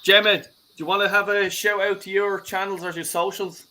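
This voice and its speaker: Chatty host, high voice. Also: male voice, level tone, brisk, bright, forceful tone, slight background noise. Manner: chatty, thanking guests, rowdy banter. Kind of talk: live fan show hosting.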